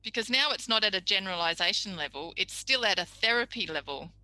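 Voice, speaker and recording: A woman's voice: medium pitch, expressive, fast talker, pushed and bright, poor audio. A middle-aged woman, a speech pathology tutor giving a chatty, practical tutorial lecture. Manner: chatty, practical, acts out little quoted exchanges.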